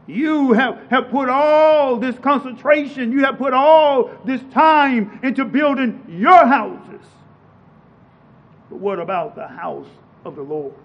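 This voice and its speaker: A man preaching a sermon, reading scripture slowly and then pressing his points with rising emphasis and repeated phrases. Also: very high-pitched, dull audio.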